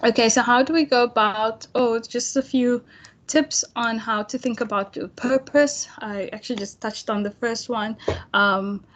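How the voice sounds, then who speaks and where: A woman's voice: on the high side, steady tone, moderate pace. Casual young woman tutoring online. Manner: casual, chatty, many fillers and restarts. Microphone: computer mic on video call.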